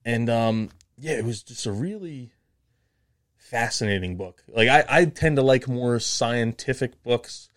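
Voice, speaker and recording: A man's voice: medium pitch, unhurried. A man co-hosting a podcast, chatting casually with fillers and laughs, then reading a book summary aloud. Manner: relaxed, rambling, laughs often, many fillers. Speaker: podcast co-host.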